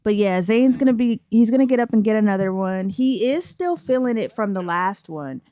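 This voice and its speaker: A woman's voice: medium pitch, expressive, moderate pace, warm tone, no room sound, soft background music. A young woman giving chatty, playful commentary while playing a life-simulation game. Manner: chatty, playful, laughs often. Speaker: let's play host. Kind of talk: casual gameplay commentary.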